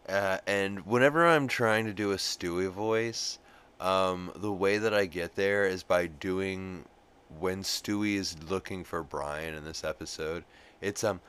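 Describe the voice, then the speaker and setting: Low-voiced man, rambling casual chat. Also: fairly bright tone, smooth. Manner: rambling, profane, full of fillers. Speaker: podcast host recapping an episode.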